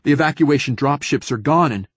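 Man playing stammering young Marine lieutenant, raised husky voice, dry recording. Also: on the high side, a little fast, no echo, voice pushed up. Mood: flustered. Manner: hesitant, stammering "uh".

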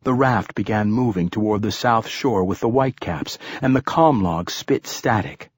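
Casting: calm male audiobook narrator, husky low voice, dry close sound. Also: dry recording. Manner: calm, measured storytelling.

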